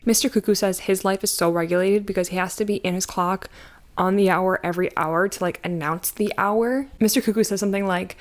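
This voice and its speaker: A woman in her thirties giving a casual movie recap, with a medium-pitched voice. She talks in an animated, sarcastic way, full of slang and asides to the viewer. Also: brisk. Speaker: YouTube commentator.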